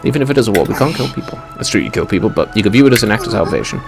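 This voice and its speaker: A man's voice: lowish voice, animated, racing, creaky, few pauses. A man streaming a game, reading its dialogue aloud and breaking off into profane, exasperated, sarcastic commentary. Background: game music.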